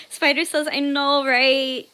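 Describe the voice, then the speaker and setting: A young woman with a high, unhurried voice hosts a casual art stream and reads viewers' messages aloud. Her tone is bright and light, and she breaks into laughter and squeals easily. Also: steady tone. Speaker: art livestream host. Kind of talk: casual livestream chat while drawing.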